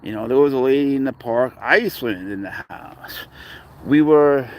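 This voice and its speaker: The voice is lively and moderately paced, with a little hiss or hum in the recording. It belongs to a Canadian pet livestreamer who chats casually in slang, calls out where viewers are from, and goes high and playful when baby-talking his pet.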